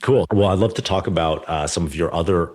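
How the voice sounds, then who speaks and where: A man's voice: low-pitched, a little fast, a little mellow. A man in his thirties hosting a podcast interview, telling a story in a chatty way full of fillers. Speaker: podcast host. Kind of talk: casual conversational interview.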